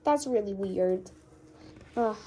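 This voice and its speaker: A woman's voice: mid-range voice, takes it slowly, mellow, slightly rough, voice pushed down. A woman voicing a cranky young girl toy animal who whines and complains about her sleep. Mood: whiny. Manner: whiny, complaining.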